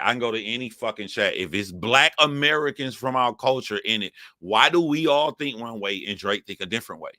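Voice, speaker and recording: Man streamer, low forceful voice, dry close sound, profane emphatic ranting to chat. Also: no room sound. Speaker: streamer commentator. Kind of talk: heated commentary to live chat.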